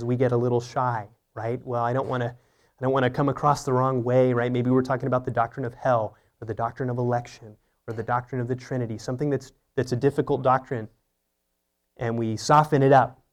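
A man preaching an earnest, teaching sermon, often asking rhetorical questions. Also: medium pitch. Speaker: pastor.

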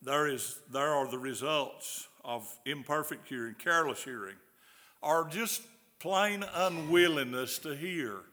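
A man's voice: on the high side, measured pace, sharp tone. An older man with a Southern US accent, preaching a folksy sermon and often asking his listeners questions. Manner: folksy, repeats words, asks the audience questions. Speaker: pastor. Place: large hall. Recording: long hall reverb.

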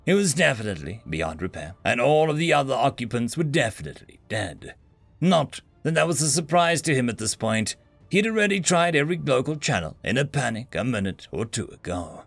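A man's voice: medium pitch, creaky, dry recording. A man narrating a sci-fi story in a dry, wry storytelling manner.

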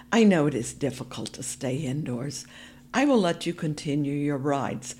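A woman reading a storybook and voicing a stern but caring older nun who speaks in a firm, deliberate way. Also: deep voice, darkish tone, a little hiss or hum.

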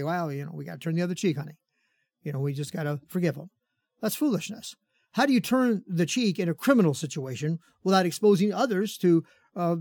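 A man's voice: sits high, darkish tone, no echo, clean studio sound. A man hosting a radio show as a pastor, giving an opinionated commentary monologue with frequent fillers and chuckles.

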